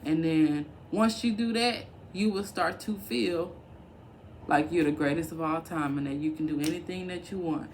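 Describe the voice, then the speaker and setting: A woman's voice: sits low, moderate pace, slight background noise. A young woman vlogger giving casual, encouraging advice straight to the camera, chatty and full of fillers. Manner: conversational, encouraging, colloquial with fillers.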